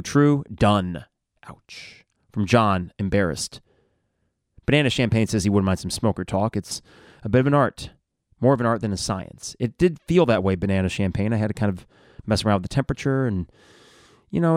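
A man's voice: fairly low pitch, no echo, studio quality. A middle-aged man hosting a sports podcast, casually reading listener replies aloud with wry asides. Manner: wry, conversational, reads out comments one after another.

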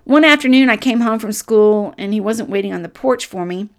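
A woman's voice: mid-range voice, brisk. A woman telling a personal story from her childhood, emotional and often dropping to a whisper.

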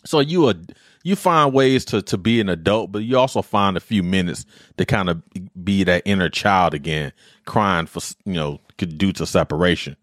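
A man's voice: sits low, normal speed, dry recording, clean studio sound. A man in his forties, a podcast host, telling personal stories in a rambling, heartfelt way with military slang. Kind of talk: casual monologue.

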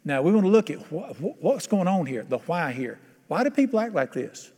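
A man's voice: high-pitched, very animated, fairly quick, dark tone, in a large hall. A man preaching a sermon to a congregation, conversational and often quizzing his listeners. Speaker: pastor.

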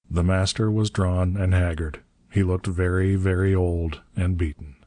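Deep-voiced male audiobook narrator. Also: fairly even intonation, measured pace, hardly any pauses, warm tone, no room sound, clean studio sound. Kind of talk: scripted narration.

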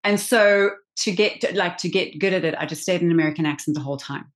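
A woman in her forties, an actress guest telling an animated story with quick restarts in a casual interview. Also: deep voice. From South Africa.

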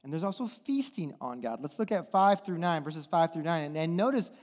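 Male pastor, high voice, fiery sermon, long reverb of a church hall. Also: animated, a little fast. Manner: impassioned, swings from hushed to near-shouting.

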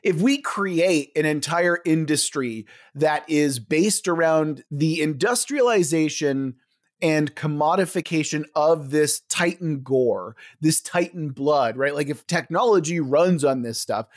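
A man's voice: fairly high pitch, expressive, unhurried. A man brainstorming a game setting in casual chat, enthusiastic and full of fillers, swearing now and then.

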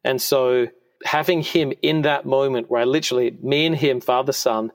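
With a mid-range voice, fairly even intonation and a moderate pace, a man in his forties guests on a podcast. In the studio he recounts personal stories in a heartfelt, conversational way, often starting sentences again.

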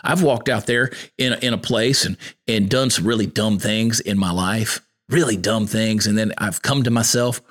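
A man's voice: lowish voice, normal speed, hardly any pauses, a bit bright. A man hosting a podcast, talking in a folksy, preacherly monologue that mixes scripture with encouragement. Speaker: podcast host.

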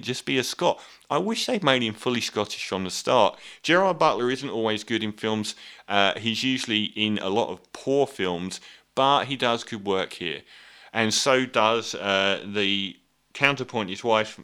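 Low bright-voiced male film reviewer. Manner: chatty and candid, with frequent ums and wry asides. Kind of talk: casual spoken film review.

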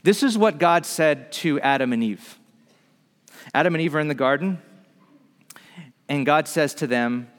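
Male preacher, high-ish voice, animated sermon storytelling, long hall reverb. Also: unhurried, long pauses. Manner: animated, lively storytelling with acted-out quotes.

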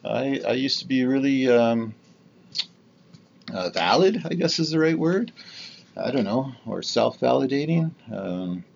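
A man's voice: medium pitch, animated, unhurried, gravelly, darkish tone, highs cut off, a little hiss or hum. A man about to turn sixty from Canada, hosting his own podcast in a candid, rambling monologue full of fillers and restarts. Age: 50s. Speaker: podcast host. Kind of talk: casual solo podcast monologue.

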